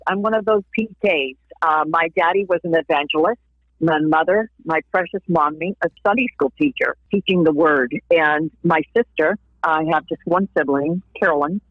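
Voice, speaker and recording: A woman's voice: deep voice, dry recording. Woman telling her story over a tinny phone line. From Florida, USA. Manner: warm storytelling that laughs often and acts out quoted voices. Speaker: interview guest, singer and evangelist. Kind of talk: personal testimony in a casual interview.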